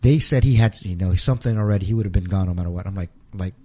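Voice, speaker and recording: With a warm voice that sits low, a middle-aged man tells an interviewer an emotional story from his life. His delivery is halting, with repeated words and quotes he acts out.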